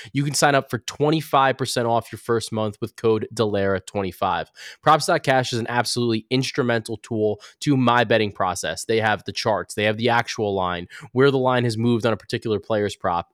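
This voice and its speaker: A man's voice: medium pitch, no room sound, clean studio sound. A man hosting a sports betting podcast, talking loosely and correcting himself as he goes. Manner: loose, rambling, self-correcting. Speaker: podcast host. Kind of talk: casual sports betting chat.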